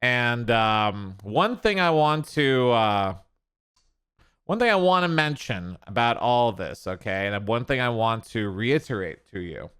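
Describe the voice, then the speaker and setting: A man's voice: medium pitch, big pitch swings, unhurried, a bit bright, clear, resonant tone. A man hosting reaction commentary, sarcastic and crude, mocking what he watches. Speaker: streamer host.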